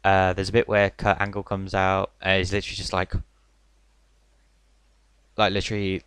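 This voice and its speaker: A man's voice: low voice, level tone, moderate pace, pauses often, fairly bright tone, clean tone, dry recording. A young man reviewing a wrestling event in a casual, rambling way, full of "like" and "literally". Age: young adult. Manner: chatty, filler-heavy, says "like" and "literally" a lot.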